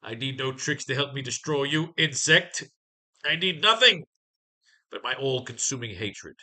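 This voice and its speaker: A man's voice: medium pitch, animated, measured pace, pushed and bright. A man voicing a hateful, grandiose male villain in a goblin costume, with theatrical, gloating menace.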